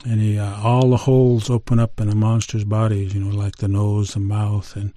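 Middle-aged male storyteller, low and mellow, dry close sound, loose conversational telling. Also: little pitch movement, no room sound. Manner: unhurried, conversational, with many fillers and restarts. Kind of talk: oral storytelling of a traditional tale.

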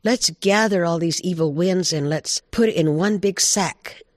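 Casting: clever porcupine, brisk and plain, man storyteller, dry sound. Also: high-pitched, dry recording, pitched above the performer's own voice. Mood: helpful. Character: clever male porcupine with an idea.

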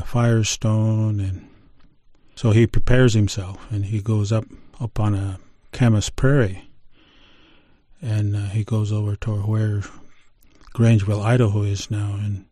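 Middle-aged male storyteller, low and mellow, dry close sound, loose conversational telling. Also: no echo. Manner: unhurried, conversational, with many fillers and restarts. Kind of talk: oral storytelling of a traditional tale.

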